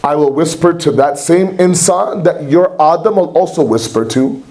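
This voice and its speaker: Guy doing an offended proud devil, protesting, higher and louder than his normal talk. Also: normal speed, lightly acted, low-quality recording. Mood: defiant. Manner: aggrieved, protesting. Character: indignant proud male devil demanding his due.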